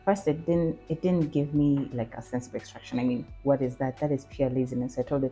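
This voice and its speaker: Bubbly woman vlogging with a low voice. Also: brisk, hardly any pauses, soft background music. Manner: bubbly, animated, mimics the chatbot in funny voices; excitable squeals and laughs. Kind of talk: casual vlog chat.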